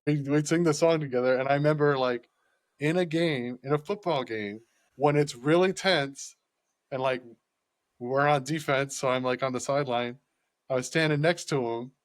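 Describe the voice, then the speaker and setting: A man's voice: mid-range voice, moderate pace, no echo, studio quality. A man chatting casually on a podcast, rambling and often laughing, with lots of "like" in his speech. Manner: rambling and laughing, heavy use of "like".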